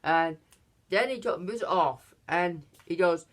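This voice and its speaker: Halting, filler-heavy movie reviewer. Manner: halting, many fillers and restarts; acts out quoted lines in higher voices. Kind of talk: casual plot recap.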